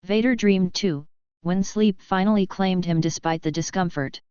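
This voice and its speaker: A woman narrates a fan story in an even, measured read. Her voice is low and very smooth. The recording is dull and lo-fi with a dry, close sound. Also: no room sound.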